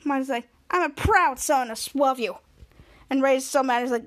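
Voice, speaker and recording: High-voiced excited podcast host. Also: female voice, moderate pace. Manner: excited, acts out characters' lines while retelling. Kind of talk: casual episode recap.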